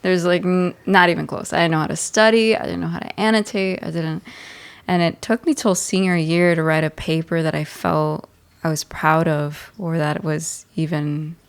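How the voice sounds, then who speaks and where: Young woman, panel moderator, low-ish voice, animated storyteller. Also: normal speed, smooth. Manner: animated storyteller, acts out quotes in a high voice. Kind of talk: casual panel discussion.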